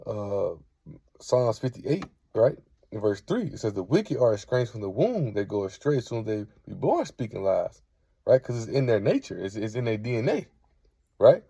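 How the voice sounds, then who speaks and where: A man's voice: on the low side, big pitch swings, normal speed, vocal fry, dark tone, slightly rough, dry recording. A man giving an informal scripture lesson, reading verses aloud and checking in with "right?" after most points. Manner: peppers talk with "right?", reads verses aloud. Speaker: Bible teacher.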